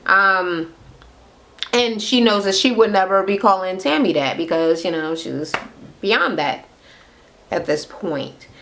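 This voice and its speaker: A woman's voice: mid-range voice, expressive, measured pace, creaky, pauses often, a bit bright, slight background noise. Sassy woman recapping reality TV. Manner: blunt and sassy, with slangy asides. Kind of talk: casual, profane recap chat. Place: indoor room with ring light. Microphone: camera mic at close framing.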